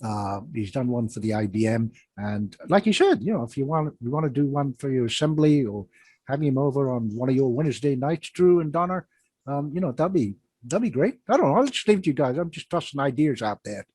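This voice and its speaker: Husky man hosting with halting asides. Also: mid-range voice, animated, a little mellow. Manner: rambling, halting with many fillers. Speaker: host. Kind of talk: casual chat.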